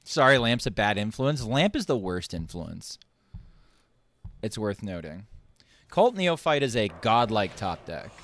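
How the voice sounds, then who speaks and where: A man's voice: on the low side, very animated, measured pace, fairly bright tone, dry recording. Joking male card-game streamer. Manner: joking, thinking aloud. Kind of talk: casual gameplay commentary.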